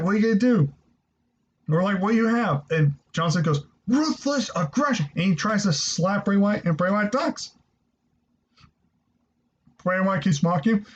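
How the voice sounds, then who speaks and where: High-voiced man rambling excitedly, lo-fi. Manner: excitable, rambling, swears freely. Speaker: wrestling show reviewer. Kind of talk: casual spoken review. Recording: dull lo-fi recording.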